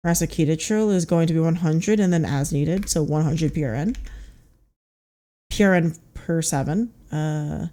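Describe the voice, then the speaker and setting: A woman live-streaming a study session, reading out terse drug facts in a halting mutter full of fillers. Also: deep voice, warm tone.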